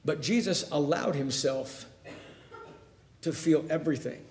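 A man preaching a sermon, dropping to a hush and then rising into emphatic, fervent passages. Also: on the high side, unhurried, echoey room, a little hiss or hum. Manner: swings from hushed to emphatic. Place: church sanctuary.

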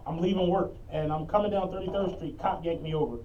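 A man's voice: on the high side, fast talker, slight background noise. A man telling stories in a laid-back, profane way as a podcast co-host. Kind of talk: casual storytelling chat. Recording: distant, dull lo-fi mic.

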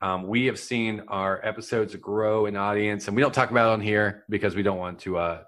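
A man's voice: on the low side, fairly even intonation, fairly quick, fairly bright tone. A man hosting a comedy podcast, joking and plugging the show in casual banter. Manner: upbeat, promotional, joking. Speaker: podcast host.

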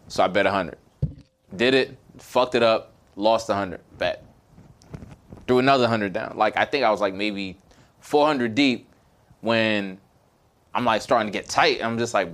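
A young man casually telling a story on a podcast, getting loud and heated as he acts out an argument. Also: on the low side, moderate pace. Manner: animated storyteller, gets loud and heated when retelling the fight.

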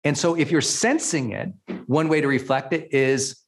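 A man's voice: mid-range voice, normal speed. A man hosting a motivational podcast and teaching as a coach. He speaks emphatically, repeats key words and often checks in with "right?".

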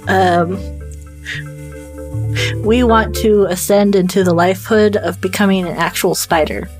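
A woman's voice: medium pitch, steady tone, measured pace, darkish tone, faint music behind. A woman playing a tabletop game with friends, describing her character with some hesitation. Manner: hesitant, with fillers. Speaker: player. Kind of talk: casual tabletop role-play chat.

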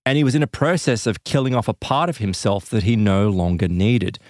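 A man casually telling a strange story to a co-host, animated and laughing as he acts out quoted voices. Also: lowish voice, fairly quick, no echo, clean studio sound.

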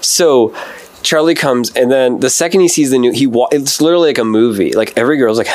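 A man's voice: mid-range voice, fast, a little mellow. A man from Wisconsin telling a rambling, profane story as a podcast guest, full of filler words. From Wisconsin, USA. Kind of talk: casual storytelling.

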